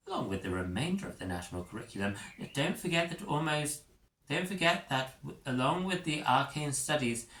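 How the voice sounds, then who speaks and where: A man's voice: mid-range voice, fairly bright tone, reverberant, voice pushed up, close to an everyday voice, low-quality recording. A man doing a prim, fussy young schoolmistress. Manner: formal, fussy, proper. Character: prim young female school counsellor, overly formal.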